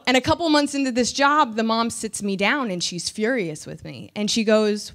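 A woman's voice: on the high side, normal speed, hardly any pauses. A woman comedian in her thirties from New Jersey, telling a personal story candidly and with self-deprecating humor. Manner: candid, self-deprecating, animated when recounting.

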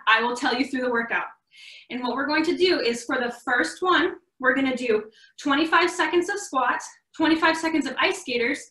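This young woman's voice sits high with a sharp tone, captured far from the mic across an echoey room. She's a fitness coach leading a live online workout, offering upbeat, encouraging instructions. She sounds slightly out of breath.

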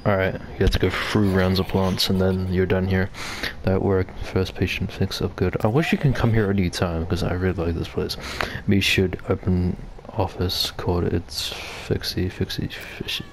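A man's voice: low voice, steady tone, moderate pace, few pauses, a little hiss or hum. A man giving casual, rambling commentary as he plays a video game, reading on-screen text aloud. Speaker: gamer.

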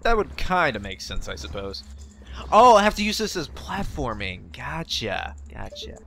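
A man's voice: medium pitch, big pitch swings, normal speed, a bit bright, slight background noise. A young man giving casual, jokey gameplay commentary, talking back to the game and swearing now and then. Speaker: let's play gamer. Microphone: facecam desk mic. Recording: game music underneath.

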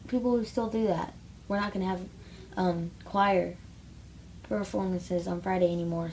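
A woman's voice: on the low side, darkish tone, slight background noise. Blunt rambling teen girl vlogger. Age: teens. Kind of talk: casual rant to camera.

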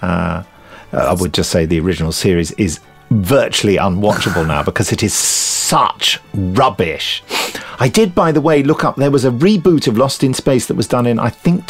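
A man's voice: medium pitch, normal speed, vocal fry, husky, faint music behind. A man co-hosting a casual podcast chat, telling anecdotes with frequent laughter. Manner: animated storyteller, laughs often, acts out quotes. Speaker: podcast co-host.

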